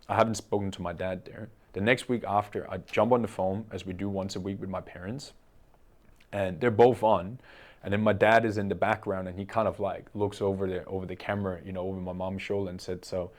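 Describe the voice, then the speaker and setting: A young man telling a personal story to camera in an earnest way, often checking in with "okay?". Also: on the low side. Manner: earnest, with frequent "okay?" tag questions. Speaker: coach and entrepreneur.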